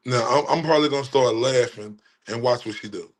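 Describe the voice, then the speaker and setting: A man from Texas hosting a livestream, mocking a caller and talking straight to his chat, swinging between loud outbursts and low asides. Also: fairly quick, few pauses, rough recording. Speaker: livestream host. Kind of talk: livestream commentary on a replayed call.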